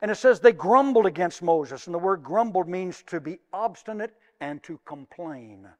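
Preacher guy, bit high voice, goes quiet then loud and punchy, asks the congregation stuff, big echoey church. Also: animated, moderate pace. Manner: dynamic preaching, swings from soft asides to loud emphatic peaks. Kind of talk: sermon.

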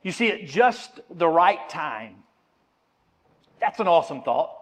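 A man preaching a sermon in earnest, slowing down and dropping to a near hush on key phrases. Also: a little high, sing-song, big-room sound. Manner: earnest preaching, slows and drops to a hush for emphasis. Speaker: pastor.

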